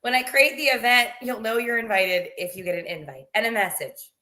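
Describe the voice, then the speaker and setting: Bright-voiced chatty woman host. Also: on the high side, fairly quick. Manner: chatty, laughs easily, reads out viewer comments. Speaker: show host. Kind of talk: casual chat on a live video show.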